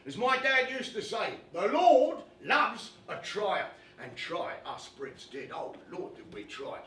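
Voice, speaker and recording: A chummy, animated boxing commentator, played by a man on stage. He talks high and bright, and his pitch swings widely. The voice comes from far off in a roomy live stage recording. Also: slow pace, slight background noise, heavily acted. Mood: enthusiastic. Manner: animated, chummy, addresses the audience directly. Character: brash, chatty British male boxing commentator. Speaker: stage performer. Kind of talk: one-man stage comedy monologue. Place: theatre stage with a live audience.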